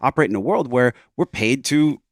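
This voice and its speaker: A man's voice: mid-range voice, animated, brisk, no echo, studio quality. A man hosting a podcast, asking earnest, searching questions and rephrasing them as he goes. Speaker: podcast host. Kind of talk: reflective interview questions.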